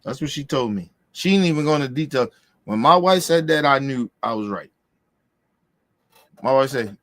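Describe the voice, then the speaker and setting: A man's voice: medium pitch, lively intonation, moderate pace, pauses often, fairly bright tone, no room sound. Heated, profane man ranting. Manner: heated, profane, repeats himself for emphasis. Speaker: podcast host. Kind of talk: casual ranting commentary.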